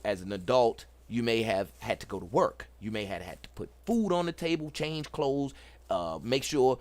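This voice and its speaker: A middle-aged man hosts a casual livestream tech talk. He is excited and preachy, repeats himself and talks to the chat. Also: mid-range voice. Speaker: host.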